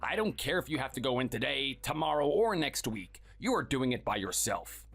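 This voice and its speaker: A man's voice: big pitch swings, moderate pace, gravelly, a bit bright, breathy edge, faint music behind, exaggerated voice. A man playing a scornful, bossy husband who belittles his spouse, in a dramatized story. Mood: contemptuous. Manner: sneering and dismissive, low and clipped.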